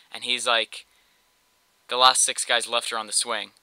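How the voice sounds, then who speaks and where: A man's voice: mid-range voice, moderate pace, clear, resonant tone, no room sound, rough recording. A man telling a long joke as a story over gameplay, acting out the quoted dialogue. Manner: animated anecdote with quoted dialogue. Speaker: gameplay commentator.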